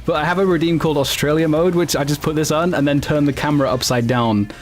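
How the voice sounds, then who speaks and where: With a fairly high pitch and fairly even intonation, this streamer talks a little fast. He answers viewers in a relaxed livestream chat, rambling, correcting himself, and laughing a lot.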